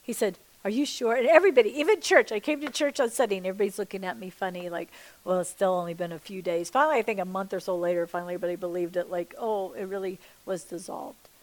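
A middle-aged woman giving a sermon-style personal testimony, acting out the dialogue with lively energy, and dropping to a soft, hushed voice when she quotes her prayers. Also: mid-range voice, fast, rough recording. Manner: animated storytelling that acts out the dialogue; chatty, checks in with the listeners. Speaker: Christian speaker.

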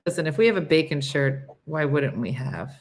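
A woman's voice: sits low, animated, moderate pace. A woman hosting a casual morning live stream, chatty and rambling, laughing often and reading viewer comments aloud.

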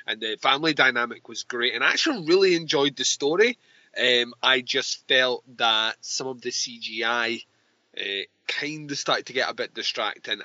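A Scottish man co-hosts a podcast, laughing often and trading profane jokes. His bright voice rises and falls a lot. The sound is dry and a bit dull. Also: mid-range voice, dry recording. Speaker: podcast co-host. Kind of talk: casual chat.

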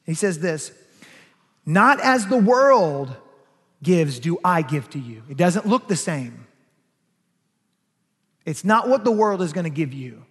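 A man's voice: a little high, animated, measured pace, long pauses, slightly rough. A man preaching a sermon as pastor, emphatic, rising and falling in force. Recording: long hall reverb.

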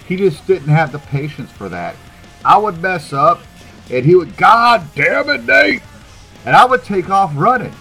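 A man on a podcast telling a story in a lively voice that swoops up and down. He swears freely and laughs as he goes. Faint music plays behind him. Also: a little high, normal speed, breathy edge. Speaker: podcast co-host. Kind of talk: casual chat.

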